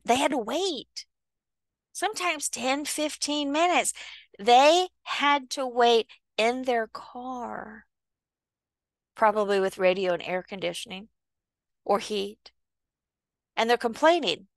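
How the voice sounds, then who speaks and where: A woman giving an earnest motivational talk, speaking deliberately and acting out small everyday conversations. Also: on the high side, fairly bright tone, no echo. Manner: earnest, slow and deliberate, acts out little dialogues. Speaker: self-help speaker. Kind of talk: reflective motivational monologue.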